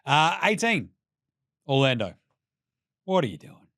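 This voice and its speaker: A man's voice: fairly high pitch, expressive, moderate pace, dry recording, studio quality. A young Australian man gives brash, profane and jokey casual commentary as a basketball show host.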